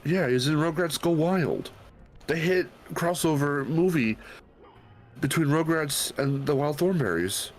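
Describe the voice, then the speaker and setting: A man's voice: on the high side, measured pace. A male streamer in casual chat who thinks aloud, rambles and swears freely.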